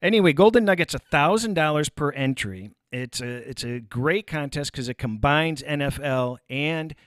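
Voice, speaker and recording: Halting sports betting analyst, full of fillers. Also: male voice, on the high side, fairly bright tone, no room sound, clean studio sound. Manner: halting, filler-heavy explaining. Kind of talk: sports talk radio chat.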